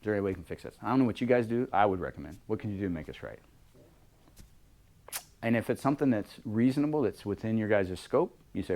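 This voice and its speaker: A middle-aged man leading a workshop on leadership, talking in a lively way and acting out bits of dialogue in different voices. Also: fairly low pitch, fast talker. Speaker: leadership coach. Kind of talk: workshop talk. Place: workshop room with a small group.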